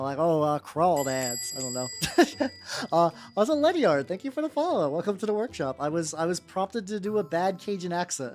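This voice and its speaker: A miniature painting streamer chatting casually on a live stream, rambling with many fillers and self-restarts. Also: mid-range voice. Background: faint background music.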